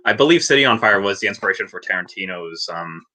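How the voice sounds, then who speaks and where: Bright-voiced man chatting about movies. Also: on the low side, fast talker. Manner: laughing, animated retellings with acted quotes. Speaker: podcast guest. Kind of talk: casual movie chat.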